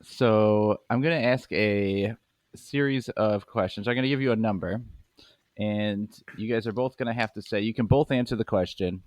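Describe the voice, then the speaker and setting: Laid-back low-voiced young man. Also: normal speed, no room sound. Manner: laid-back, laughs easily. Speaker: podcast host running the game. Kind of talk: casual comedy chat.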